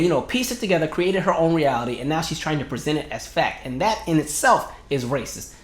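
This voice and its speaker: A man hosting a casual commentary video, talking in a sarcastic, incredulous way. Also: a little high. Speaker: host. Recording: roomy echo.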